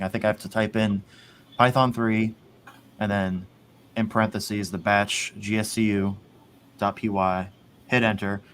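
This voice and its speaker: Laid-back low-voiced man rambling. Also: fairly bright tone, a little hiss or hum. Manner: rambling, swears, laughs often. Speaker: podcast host. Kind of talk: casual chat.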